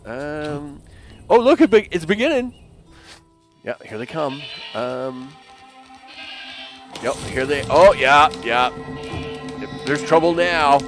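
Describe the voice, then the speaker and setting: Lively, playful male gamer. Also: a little high, slow pace, pauses often, over music. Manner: playful, chatty, laughs often. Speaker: gaming video creator. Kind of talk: let's play commentary.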